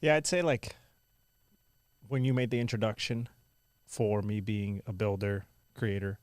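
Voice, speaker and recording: A young man from India who now speaks with an American accent, telling stories as a guest in a casual interview, animated and full of "like". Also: lowish voice, a little slow, no echo, clean studio sound. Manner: animated, lots of "like" and "I was like" quotes.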